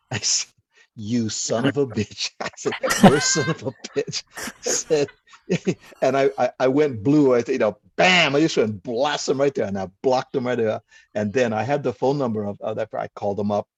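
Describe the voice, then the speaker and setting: A man's voice: medium pitch, moderate pace, no echo. A man, hosting a casual chat and telling stories that act out what people said. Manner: animated storyteller who acts out quoted exchanges. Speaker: host. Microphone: video call.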